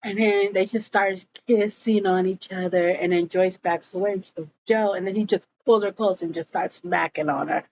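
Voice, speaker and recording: A woman's voice: medium pitch, fairly even intonation, moderate pace, few pauses, a little mellow, highs cut off, slight background noise. A woman casually recapping a TV episode, slangy and laughing often. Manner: slangy and laughing, says yo a lot. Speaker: show recap vlogger.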